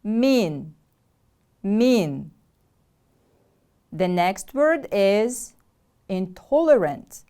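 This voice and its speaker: A Kyrgyz woman teacher with a Kyrgyz accent gives a deliberate English vocabulary lesson, having pupils repeat words after her. Her mid-range voice is warm and smooth, and her classroom instruction is slow and clear.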